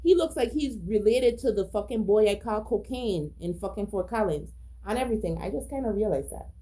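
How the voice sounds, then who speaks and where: A woman's voice: mid-range voice, expressive, fairly quick, dark tone. A woman telling a personal story in a casual monologue, agitated, profane, emphatic and repetitive. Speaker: storyteller recounting a personal incident.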